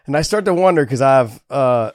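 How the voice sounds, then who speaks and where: A sick man drags through a casual podcast chat, his voice low and worn, with rueful laughs and curses. The recording is close and dry. He sits at a middle pitch. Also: expressive, brisk, no room sound. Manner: quiet, rueful, laughing at himself, profane. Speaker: podcast co-host.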